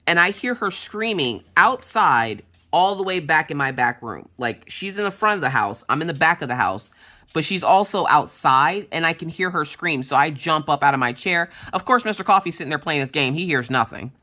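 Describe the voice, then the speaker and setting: A woman telling home stories in a relaxed vlog chat, with a bright, forceful edge to her voice. Her pitch swings widely as she acts out what other people said. She is blunt and swears without a second thought. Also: normal speed. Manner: animated, acts out quoted voices. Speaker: craft vlogger. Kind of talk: casual storytelling chat.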